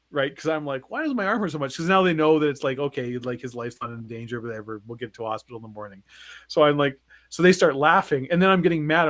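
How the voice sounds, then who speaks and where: With no room sound behind his slightly high voice, a forties podcast co-host relates a long personal story in relaxed chat. Animated and swearing, he imitates the voices of the people in the tale.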